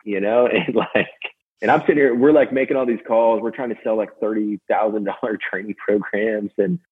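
A man's voice: lowish voice, breathy edge. Man on a tinny phone line. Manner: fast, energetic storytelling with many fillers. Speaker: podcast guest, sales manager. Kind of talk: casual interview talk.

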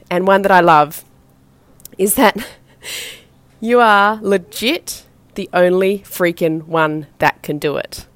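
A woman with an Australian accent hosting a podcast, delivering an energetic, emphatic motivational monologue and speaking mildly rough at times. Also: lowish voice, slow pace, long pauses, dry recording. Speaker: podcast host.

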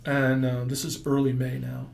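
A middle-aged man with a gravelly, rough edge tells his story in a relaxed interview. He rambles and acts out what others said to him. His pitch sits in an ordinary middle range. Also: normal speed. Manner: rambling, animated storyteller acting out quotes. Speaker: entrepreneur guest.

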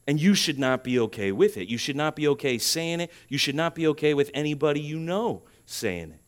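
A male pastor in full sermon flow, with a voice that sits a little above the usual male range. He builds to loud, ringing peaks and then sinks back into quieter, pressing appeals to his listeners. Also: a little high, lively intonation, brisk. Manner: impassioned, swings from loud preaching to quiet urging.

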